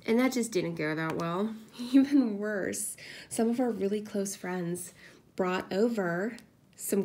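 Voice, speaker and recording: Woman, 30s, craft vlogger: rambling, self-mocking chat, now and then hushed. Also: medium pitch. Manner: chatty, scattered storytelling with self-deprecating laughs; drops to a hush at times, kids asleep nearby. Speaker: craft video host. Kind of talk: casual chat while crafting.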